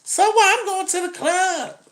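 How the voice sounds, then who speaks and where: A man voicing a mouthy, defensive young woman in a high falsetto. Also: lively intonation, normal speed, fairly bright tone. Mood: sassy. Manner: high falsetto, shrill retorts.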